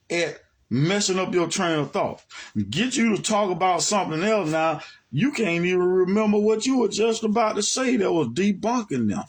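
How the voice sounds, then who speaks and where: A man's voice: sits high, breathy edge. A man from Alabama with an Alabama accent, giving a heated monologue rebuttal as a religious teacher. He talks in a colloquial, combative way. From Alabama, USA. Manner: colloquial and combative, repeating "man" and "you see what I'm saying".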